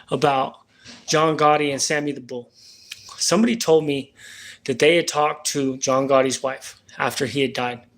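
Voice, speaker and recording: A man spinning a long personal story on a livestream, casual and rambling. His talk is full of slang and swearing, with a voice on the higher side for a man. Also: a bit bright, a little hiss or hum. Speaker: livestream host.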